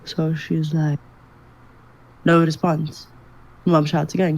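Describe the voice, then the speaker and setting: Animated woman telling a funny story. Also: low voice, takes it slowly, poor audio. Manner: animated storyteller, laughs often. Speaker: podcast co-host. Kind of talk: casual comedic chat.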